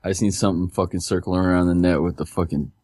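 Deep-voiced profane man saying "dude". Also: level tone, fast talker, dark tone, no room sound. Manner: profane, slangy, says "dude" constantly. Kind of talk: casual chat.

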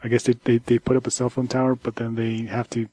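Man, podcast co-host, mellow tone, rambling chat, dry close sound. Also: medium pitch, monotone, no echo. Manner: rambling, halting, many restarts. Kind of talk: casual tech news chat.

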